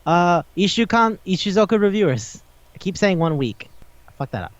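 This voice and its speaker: Profane, excitable man on a podcast. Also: high voice, moderate pace, dry recording. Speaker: podcast host. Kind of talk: casual chat. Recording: dull lo-fi podcast audio.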